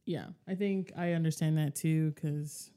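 Woman, low mellow voice, casual chat, affirming co-host, lots of "like". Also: steady tone, unhurried, clean tone. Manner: casual, affirming, heavy use of "like". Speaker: podcast co-host.

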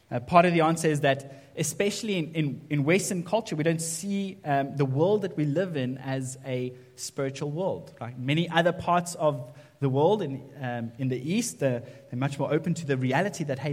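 A man's voice: a little high, moderate pace. A man preaching a sermon in a conversational way, often checking in with "right?". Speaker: pastor. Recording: long reverb of a hall.

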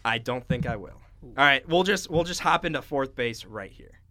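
A man's voice: mid-range voice, expressive, moderate pace, crowd noise. A man co-hosting a casual podcast, talking in a teasing, laid-back way with stumbling restarts. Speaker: podcast co-host.

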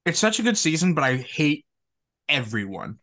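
Young male co-host, bright edgy voice, animated casual storyteller. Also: on the high side, moderate pace. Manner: animated, laughing, quotes friends in voices. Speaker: podcast co-host.

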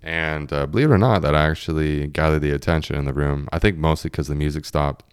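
Young guy w a really low smooth voice, laughing thru a story, dry close sound. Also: fast, no echo. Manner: laughs often while telling, acts out quoted friends. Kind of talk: casual storytelling monologue.

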